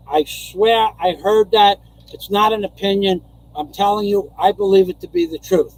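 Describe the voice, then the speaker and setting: Older guy from new york rambling on his live stream, kinda high voice, keeps repeating himself. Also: fairly even intonation, moderate pace, rough recording. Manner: rambling, repeats phrases, chuckles. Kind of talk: casual live-stream monologue.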